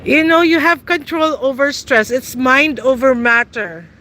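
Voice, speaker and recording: Slow-talking, laughing woman. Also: high voice, bright, forceful tone, low-quality recording. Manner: chatty, teasing, laughs often. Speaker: vlogger. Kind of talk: casual chat with live viewers while walking. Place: outdoors on a city street.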